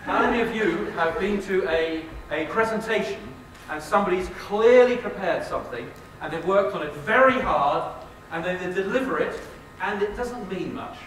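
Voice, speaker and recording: A man's voice: high voice, lively intonation, moderate pace. A man with an English accent giving a live talk to an audience, joking about himself and quizzing the crowd. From England. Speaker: guest speaker. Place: lecture hall with an audience. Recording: very echoey hall, distant mic, noisy.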